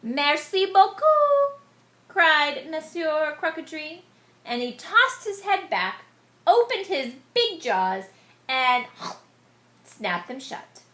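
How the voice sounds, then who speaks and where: A woman reading a picture book aloud to children, animated and stopping to explain words to them. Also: high-pitched, takes it slowly. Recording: echoey room.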